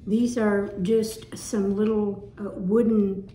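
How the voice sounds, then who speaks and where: A woman's voice: medium pitch, flat delivery, slow, mellow. Chatty Southern woman showing a haul. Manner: chatty, folksy, gushing over items. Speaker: home decor vlogger. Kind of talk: casual show-and-tell haul. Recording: echoey room with faint music.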